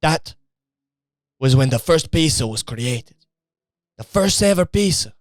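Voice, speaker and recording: A man's voice: fairly high pitch, animated, measured pace, no room sound, studio quality. A man putting on a fake Italian accent to play a boastful Italian man who insists his family invented famous dishes. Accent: put-on Italian. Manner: insistent and grandiose, brushes off doubt.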